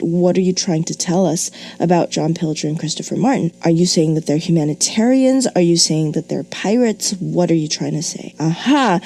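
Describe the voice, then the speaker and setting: Female grammar teacher, expressive, slightly low mellow voice. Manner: expressive, rhetorical questions, mock exasperation. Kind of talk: video grammar lesson.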